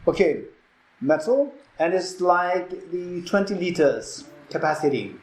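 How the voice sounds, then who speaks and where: A Buddhist teacher with a Tibetan accent telling a teaching story, halting and repeating words as he acts out dialogue. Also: high-pitched, lively intonation. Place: retreat teaching hall. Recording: echoey hall.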